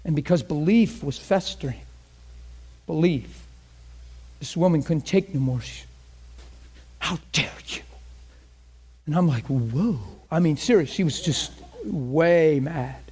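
A man preaching a sermon with impassioned delivery, moving between loud bursts and hushed lines. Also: fairly high pitch, unhurried, slightly rough. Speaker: pastor.

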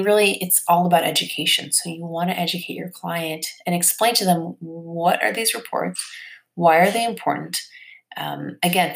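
A woman's voice: low-pitched, vocal fry. A woman hosting a podcast, explaining things in a chatty, casual way with many fillers and asides. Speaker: podcast host.

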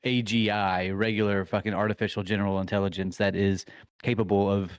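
A man's voice: on the low side, level tone, brisk, clear, resonant tone, no echo, studio quality. A man co-hosting a podcast in casual, profane, joking chat, often restarting his sentences. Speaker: podcast co-host.

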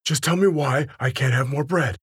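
A stubborn grown man whining insistently, raised in pitch and loudness, as a man voices him. The delivery sounds slightly distant and a little husky. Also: normal speed, no echo, clean studio sound. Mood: whiny. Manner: whiny, insistent.

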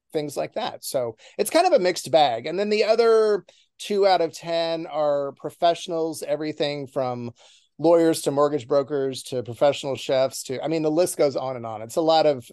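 A man's voice: fairly high pitch, a little mellow, no room sound, clean studio sound. A middle-aged man as an interview guest, confident and wisecracking. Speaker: podcast guest. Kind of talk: casual interview chat.

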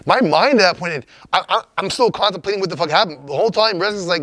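A man's voice: sits high, fast, fairly bright tone, dry recording. A man telling a story as an interview guest, in a rambling, profane, laid-back way.

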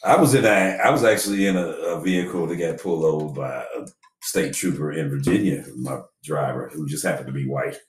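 A middle-aged man in casual chat, laid-back and storytelling, acting out quotes in animated voices. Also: a bass voice, fairly quick, distant mic. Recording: echoey room.

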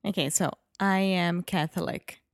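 A Portuguese woman, a native Portuguese speaker, co-hosting a podcast and chatting slowly with easy laughter in English. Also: on the low side, steady tone, gravelly, dry recording, clean studio sound. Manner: slow, laughs easily, hesitant. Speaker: podcast co-host. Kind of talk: casual conversational chat.

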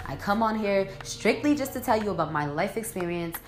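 A woman's voice: medium pitch, lively intonation, brisk. A young woman hosting her own podcast, venting in an angry rant full of swearing and repeated phrases. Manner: swears constantly, repeats herself, angry ranting. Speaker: podcast host. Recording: echoey room with faint music.

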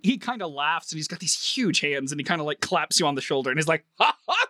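Man, game master narration, lively pitch, bright tone. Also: quick pace, no room sound, clean studio sound. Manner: animated, vivid scene description.

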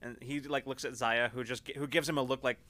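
Bright-voiced man running a tabletop game. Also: medium pitch, fast talker. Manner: relaxed, descriptive storytelling. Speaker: game master.

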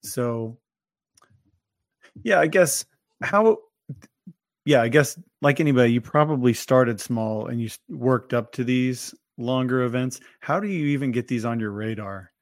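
A man's voice: medium pitch, measured pace, dry recording, clean studio sound. A man hosting a podcast, asking rambling, hesitant questions in a casual way. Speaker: podcast host.

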